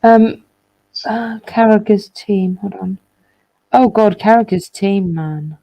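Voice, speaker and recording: A woman hosts a casual live stream and reads viewer comments aloud, pausing often with fillers. Her voice is gravelly with plenty of fry and has a warm, mellow tone. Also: medium pitch, low-quality recording. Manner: relaxed, hesitant with many fillers. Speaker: host reading viewer comments.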